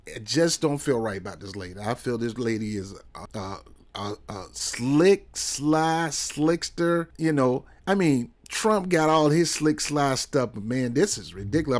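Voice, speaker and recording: A man's voice: mid-range voice, animated, normal speed. A man giving casual political commentary in a heated, rambling way, full of sarcastic asides and repeated questions.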